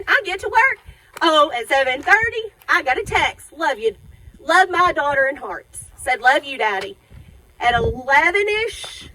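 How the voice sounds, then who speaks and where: A woman's voice: sits high, sharp tone, rough recording. A middle-aged woman giving an emotional eulogy at an outdoor graveside, telling the story and acting out remembered dialogue. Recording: outdoor recording with passing traffic noise.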